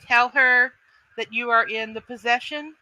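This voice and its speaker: A tall, imperious elvish slave-mistress, as a woman game master puts her on, her soft, silky voice strikingly bright and sharp. She speaks slowly and coolly in an unhurried tabletop role-play. The sound is close and dry, with no room around it. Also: a little high, fairly even intonation, dry recording, pitched above the performer's own voice, rough recording. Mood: scheming.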